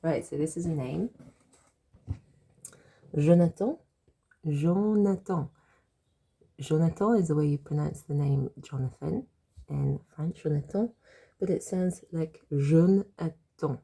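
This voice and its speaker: A woman with a sore throat talks a class through French jokes, repeating each word with patient care. Her voice sits low and dark, rough with fry and a husky edge. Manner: patient, repeats and spells out words slowly. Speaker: French teacher. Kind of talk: explaining French jokes in a language lesson.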